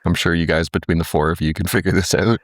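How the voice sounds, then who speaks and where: A man's voice: deep voice, fairly even intonation, fast talker, no room sound. A man co-hosting a comedy show, adding dry, wry quips about a cartoon. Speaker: co-host. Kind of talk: comedic banter.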